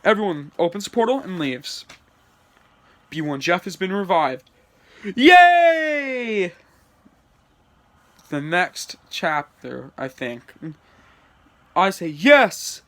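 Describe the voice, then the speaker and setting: A man's voice: a little high, expressive, measured pace, long pauses, fairly bright tone. A man reading his homemade story aloud, with chatty asides and small stumbles. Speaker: channel creator.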